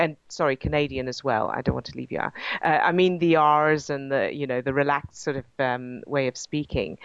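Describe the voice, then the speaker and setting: An English actress with a received pronunciation accent, speaking as a guest in an interview, hesitant with many ums and restarts. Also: female voice, deep voice, dry recording, dull audio. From England. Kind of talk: interview over a line.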